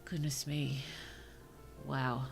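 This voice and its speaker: A woman streamer reading short stories aloud to her chat, slow and careful, with apologetic asides between passages. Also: rumbling low, little pitch movement, creaky, soft background music. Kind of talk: story reading on a livestream.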